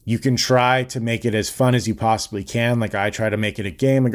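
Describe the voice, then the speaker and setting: A man's voice: mid-range voice, fairly even intonation, a little fast, clean tone. A young man hosting a podcast, giving blunt, earnest advice in a casual monologue and swearing freely. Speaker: podcast host.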